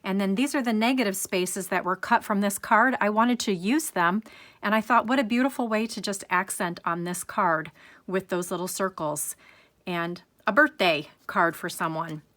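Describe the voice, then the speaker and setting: A middle-aged woman walks viewers through a card-making project in a chatty, enthusiastic way. Her voice sits at a middle pitch, and she explains each step as she goes. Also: normal speed, fairly bright tone. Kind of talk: crafting tutorial.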